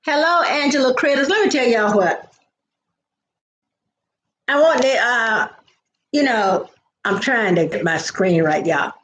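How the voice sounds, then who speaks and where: A woman's voice: on the high side, expressive, unhurried, long pauses, fairly bright tone, echoey room. Chatty grandmother on a live stream. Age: older. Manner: chatty, greets viewers by name, storytelling asides. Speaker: livestream host. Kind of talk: casual live chat with viewers.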